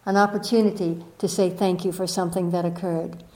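A woman giving a gentle, affectionate inspirational talk to a live audience as a spiritual teacher, often repeating key words. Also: fairly low pitch, level tone, fairly quick. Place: warm room full of listeners. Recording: roomy echoing room.

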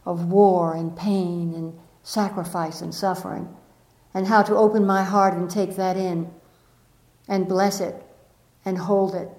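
A woman giving a gentle, affectionate inspirational talk to a live audience as a spiritual teacher, often repeating key words. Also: on the low side. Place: warm room full of listeners. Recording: roomy echoing room.

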